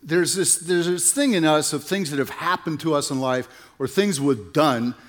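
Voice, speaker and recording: A man's voice: fairly high pitch, normal speed. An older man in his seventies, speaking as a conference speaker in an earnest, folksy way with repeated phrases. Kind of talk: sermon with prayer and jokes.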